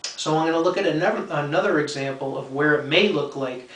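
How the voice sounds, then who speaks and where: A man's voice: a little high, a little fast, a bit bright, far from the mic. A man teaching the Bible in an earnest, explanatory way. He often checks in with "okay?" and repeats key points for emphasis. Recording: roomy sound from off-mic.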